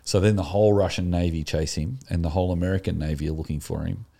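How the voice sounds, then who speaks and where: A man's voice: low-pitched, quick pace, gravelly. A man, co-hosting a casual podcast chat and telling things with enthusiasm. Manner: enthusiastic, animated storytelling. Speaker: podcast co-host.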